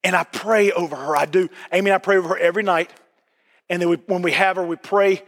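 A middle-aged male pastor preaching a sermon in a church. He repeats his phrases and breaks into emphatic shouting. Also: sits high, fairly even intonation, fast, in a large hall. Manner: emphatic, repetitive, bursts into shouting.

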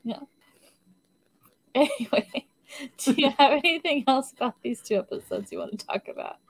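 Woman cohost, kinda high voice, giggly, lots of "like," super casual podcast chat. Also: animated, moderate pace, slightly rough. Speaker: podcast co-host.

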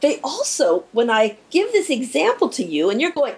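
A woman with a husky, slightly breathy voice speaks as an interview guest. Her pitch swings widely as she explains, and she slips into little acted-out inner voices to make her points. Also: moderate pace, few pauses, poor audio. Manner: animated, acts out little scenes with quoted inner voices. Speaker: guest expert on shock and recovery.

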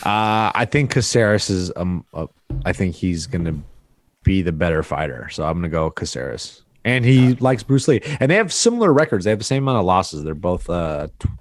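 Man, podcast co-host, casual chat, slangy, playful, lively pitch, dry close sound. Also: normal speed, no room sound.

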